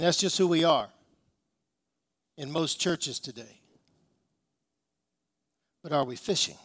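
Pastor guy preaching, pretty high voice, emphatic, keeps asking the crowd questions. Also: fairly bright tone, no room sound. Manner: emphatic storytelling, rhetorical questions. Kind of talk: sermon.

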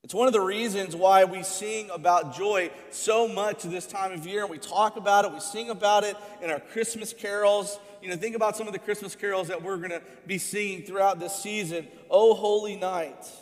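A man preaching a sermon as pastor, animated, racing through asides and slowing down hard for emphasis. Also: sits high. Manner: animated storytelling, swings from fast asides to slow emphatic lines. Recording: preaching in a reverberant hall.

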